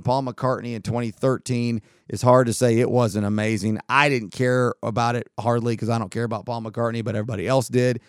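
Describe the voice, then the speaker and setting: A man's voice: mid-range voice, smooth, dry recording, studio quality. A man hosting his own podcast, telling a long festival story in a casual, rambling way and acting out the dialogue. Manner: rambling, animated retelling with quoted dialogue. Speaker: podcast host.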